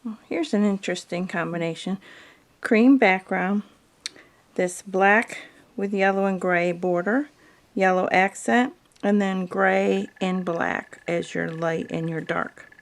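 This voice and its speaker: Narrating a quilting tutorial, a woman calmly and plainly goes through her fabric choices one at a time, like a patient instructor. Her mid-range voice carries a gravelly, fry-tinged edge, and she speaks slowly.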